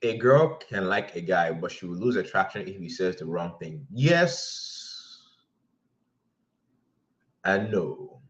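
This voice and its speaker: A man's voice: low voice, moderate pace, few pauses, highs cut off. A man hosting a casual livestream, telling dating stories in a blunt, profane way. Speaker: livestream host giving dating advice.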